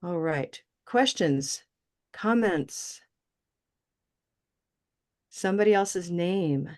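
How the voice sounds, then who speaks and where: A woman's voice: on the low side, animated, very slow, darkish tone. Encouraging woman teaching pronunciation online. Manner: encouraging, asks "okay?" often. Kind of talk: live online class.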